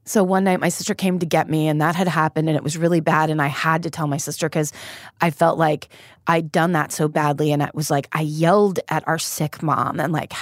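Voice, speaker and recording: A woman's voice: sits low, a little fast, no room sound. Frank, profane woman comedian, dry sound. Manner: frank and profane, laughing through grim stories. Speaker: comedian guest. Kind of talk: candid conversational storytelling.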